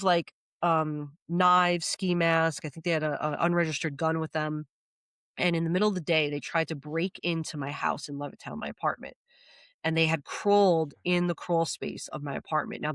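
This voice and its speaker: A woman guest on a podcast telling her life story candidly, animated, acting out what people said and swearing freely. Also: deep voice, no echo.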